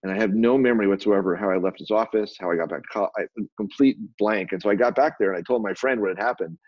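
A man, a photographer and publisher, telling an animated anecdote as an interview guest, with many restarts. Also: on the low side, fast talker, no echo, dull audio. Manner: animated, acts out quoted dialogue, frequent restarts.

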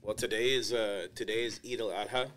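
A man's voice: fairly low pitch, fairly quick, background noise. A man who is a podcast guest, chatting casually and filling his speech with "like" and "uh". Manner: relaxed, filler-heavy talk with lots of "like". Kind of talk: casual chat.

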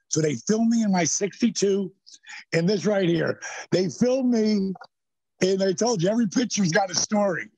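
Man, 60s, podcast guest storyteller; husky, higher-pitched, dry close sound. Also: normal speed, dry recording, low-quality recording. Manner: animated storyteller who slips into voices. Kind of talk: storytelling in casual interview.

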